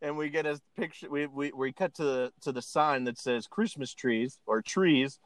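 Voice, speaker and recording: A man's voice: medium pitch, normal speed. A man hosting a casual podcast chat, retelling a film's scenes with frequent laughter. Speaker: podcast host. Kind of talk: casual chat, recapping a film.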